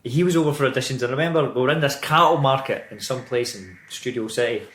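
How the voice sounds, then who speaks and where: A Scottish man in his thirties, talking in a middle pitch and a lively, profane way. His voice carries a roomy echo, as if the room has bare walls. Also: fast. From Scotland. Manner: animated, swears freely, laughs while telling stories. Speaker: actor guest. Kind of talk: casual interview chat.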